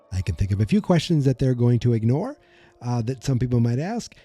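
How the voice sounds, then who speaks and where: A man's voice: mid-range voice, big pitch swings, fairly quick, warm tone, slightly rough, no room sound. A man hosting a podcast, recapping an episode in a chatty, rambling way and correcting himself as he goes. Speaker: podcast host. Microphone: desk microphone.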